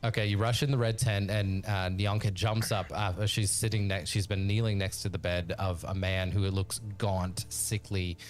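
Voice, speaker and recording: A man's voice: sits low, little pitch movement, moderate pace, hardly any pauses, faint music behind. A man narrating a tabletop game as game master, rambling and full of fillers.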